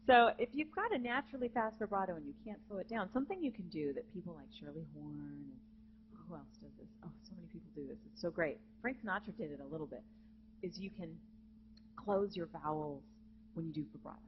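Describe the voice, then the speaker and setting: A woman's voice: lowish voice, animated, fast talker, highs cut off. Lady vocal coach talking to students, sings little demo lines, dullish live tape with a light hum. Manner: chatty, demonstrates with short sung phrases. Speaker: vocal jazz clinician. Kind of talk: teaching a masterclass with sung examples. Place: conference hall with live student audience.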